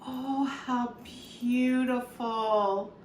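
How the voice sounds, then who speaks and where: A YouTube unboxing vlogger opens a gift and chats casually in a fairly high, even-toned voice, speaking extremely slowly. She gushes, gasps and exclaims often, and now and then turns teary and sniffles. The recording sounds roomy, with a distant mic and faint background noise.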